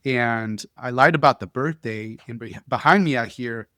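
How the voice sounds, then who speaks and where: A man hosting a podcast who tells stories in an animated, casual way, often restarting his sentences. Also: mid-range voice, moderate pace, no room sound, clean studio sound. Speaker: podcast host. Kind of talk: casual conversational storytelling.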